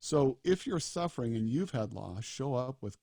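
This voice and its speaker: A man's voice: mid-range voice, animated, normal speed, gravelly, mellow, no echo, studio quality. A middle-aged man, a doctor, telling stories in an earnest way and acting out the dialogue. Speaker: disaster doctor and speaker. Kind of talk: storytelling talk.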